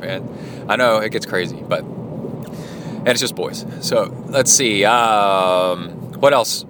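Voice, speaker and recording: A man's voice: fairly low pitch, slow, background noise. A man, rambling and chatty as he records a casual training-log monologue into his phone in a locker room. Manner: rambling, chatty storytelling with many fillers. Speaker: podcast host.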